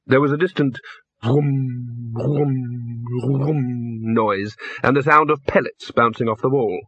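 A man's voice: mid-range voice, fairly quick, husky, dry recording. A man narrating an audiobook expressively, on a slightly dull recording. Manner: expressive, lively. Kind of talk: audiobook narration with character voices.

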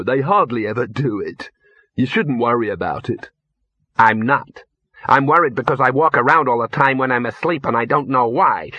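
A man's voice: medium pitch, sharp tone, breathy edge, no room sound, highs cut off. A man voicing a blunt, matter-of-fact young woman, raising his voice to a lighter tone.

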